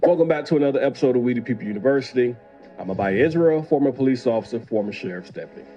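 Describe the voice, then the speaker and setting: Commentary host, man, dark mellow voice, lo-fi sound with faint music under. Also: mid-range voice, lively intonation, rapid-fire. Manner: conversational, opinionated, reads viewer email aloud. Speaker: host, former police officer. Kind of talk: casual commentary.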